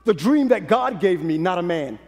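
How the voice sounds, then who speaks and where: A man preaches a sermon in a strikingly high register. He works the crowd in call-and-response, sinking to quiet confiding lines before climbing back to shouts. His voice rings with the long reverb of a big hall. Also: big pitch swings, moderate pace. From Brooklyn, New York. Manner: preachy call-and-response, swinging from low hush to shouted peaks. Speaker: pastor.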